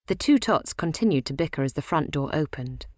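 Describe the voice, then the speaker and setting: Woman, storybook narrator, expressive, lively, dry close sound. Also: sits low, a little fast, no echo. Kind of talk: children's story reading.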